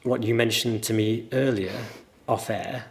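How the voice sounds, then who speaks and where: Low-voiced man with a mild northern English accent. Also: steady tone, measured pace. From northern England. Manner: thoughtful, anecdotal, explains at length. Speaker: guest, teacher. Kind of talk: relaxed conversational interview.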